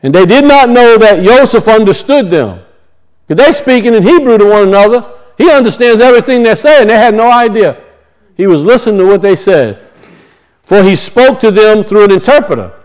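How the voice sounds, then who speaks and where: A man's voice: high-pitched, expressive, fairly quick, rough recording. A man preaching a sermon, emphatic and repetitive, firing off rhetorical questions to his congregation.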